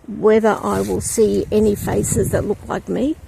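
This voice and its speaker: A woman's voice: medium pitch, flat delivery, measured pace, vocal fry, noisy background. A woman talking casually and reflectively to her camera as she walks through an outdoor cemetery on a breezy day. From from outside Poland. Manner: reflective, chatty, with frequent ums. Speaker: vlogger. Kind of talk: casual vlog walk-through. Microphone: handheld camera.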